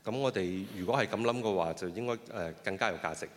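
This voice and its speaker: A man interpreting a sermon phrase by phrase, often pausing with fillers and restarting his sentences. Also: fairly low pitch. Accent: Cantonese. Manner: hesitant, with frequent fillers and restarts. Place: church hall. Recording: long reverb of a hall.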